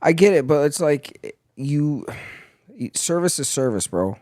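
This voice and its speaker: A young man, a former Marine, casually telling profane stories on a podcast in an animated way. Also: on the high side, measured pace, dry recording, studio quality. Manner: profane storytelling, animated in anecdotes. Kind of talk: casual chat.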